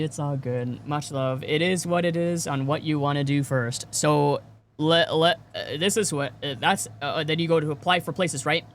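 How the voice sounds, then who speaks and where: A man's voice: a little high, a bit bright. A man streaming and chatting casually with viewers, rambling with many repeated words and fillers. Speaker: game streamer.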